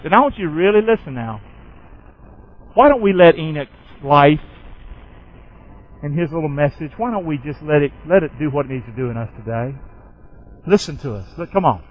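High-voiced preaching man, call-and-response. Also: muffled recording. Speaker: pastor. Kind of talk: sermon.

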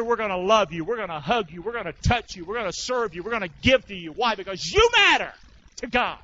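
Man preaching, call-and-response sermon, high voice, muffled church recording. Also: fairly bright tone. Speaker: pastor.

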